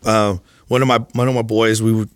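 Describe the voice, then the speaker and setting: A man in his thirties, a podcast guest, telling his life story in a candid, profane way, with halting restarts. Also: lowish voice, little pitch movement, dry recording. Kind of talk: casual storytelling.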